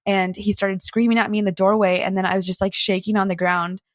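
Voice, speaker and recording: A young woman recounting a painful personal story in a halting, candid way, full of "like" and false starts. Her voice sits in an ordinary middle register. The sound is dry and close, with no room around it. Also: medium pitch, level tone, dry recording. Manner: halting, frequent "like" fillers and restarts, emotional recounting. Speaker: guest recounting a personal experience.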